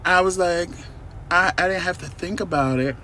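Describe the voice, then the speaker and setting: Animated man vlogging from a parked car. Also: high-pitched, moderate pace, slight background noise. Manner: animated, emphatic, talks to viewers directly. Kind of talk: casual storytelling vlog.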